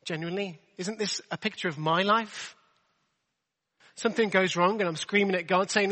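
A man's voice: high-pitched, steady tone, normal speed, pushed and bright, long reverb tail. A man preaching a sermon in a chatty, self-deprecating way, full of rhetorical questions. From England.

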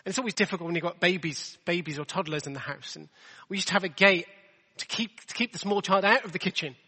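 A high, bright-voiced man from delivers a casual sermon, throwing rhetorical questions at his congregation. His voice rings out with a long hall reverb behind it. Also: fast, slightly rough. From England. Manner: chatty, self-deprecating, rhetorical questions. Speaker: preacher.

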